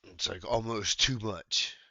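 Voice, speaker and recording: A man streaming while gaming, chatting casually in a meandering way that keeps interrupting itself and sometimes breaks into sudden loud exclamations. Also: fairly low pitch, a little slow, no room sound, highs cut off.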